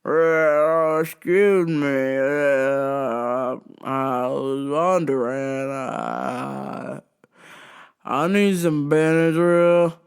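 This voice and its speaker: A woman acting out a drunk redneck man who talks in a slow, halting drawl full of "uh"s. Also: low voice, fairly even intonation, clear, resonant tone, exaggerated voice. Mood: insistent.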